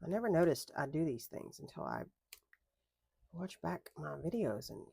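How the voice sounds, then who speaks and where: A woman's voice: low voice, huge pitch swings, normal speed, creaky, mellow, slightly rough. A young adult woman chatting casually at a home craft desk, rambling into tangents and correcting herself as she goes. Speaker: planner vlogger. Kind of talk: casual chat while crafting.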